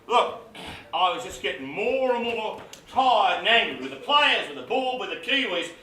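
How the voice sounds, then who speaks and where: A man's voice: sits high, big pitch swings, moderate pace, sharp tone, full character voice. A man playing a worn-out, grumpy male cricket captain on a live stage, weary and swearing. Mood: fed up. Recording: roomy live stage, distant mic, noisy.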